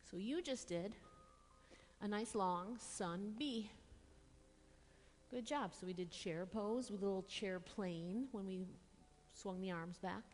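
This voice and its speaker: A woman teaching a yoga class, giving calm, encouraging step-by-step cues while slightly out of breath. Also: fairly low pitch, big-room sound. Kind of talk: guided yoga class instruction.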